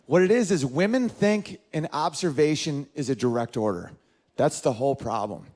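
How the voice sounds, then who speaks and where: Stand-up comedian, man in his thirties, lively and a touch high-voiced. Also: normal speed. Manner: animated, jumps into high-pitched character voices.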